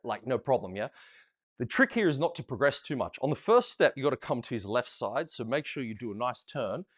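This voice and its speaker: A chatty middle-aged male dance coach talks through steps in a relaxed way. He counts rhythms out loud and sings the beats as he demonstrates. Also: mid-range voice, a little fast. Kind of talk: casual online dance lesson.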